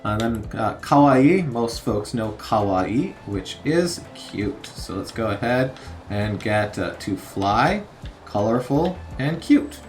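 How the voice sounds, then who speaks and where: A man in his thirties casually narrating a learning game, halting with many fillers as he sounds out vocabulary. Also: fairly low pitch, lively intonation, darkish tone, faint music behind. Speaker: streamer learning Japanese.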